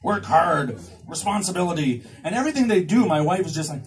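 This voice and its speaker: A man's voice: a little high, sing-song, a little fast. A male stand-up comedian performing live in a cinema, rambling and self-mocking, with stammering restarts. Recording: far from the mic, loud crowd laughter.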